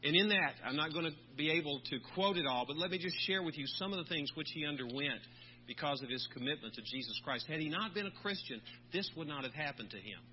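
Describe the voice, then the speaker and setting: A man, a pastor, preaching a sermon in a measured way, slowing down on key words. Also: a little high, animated. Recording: dull lo-fi recording with faint hum.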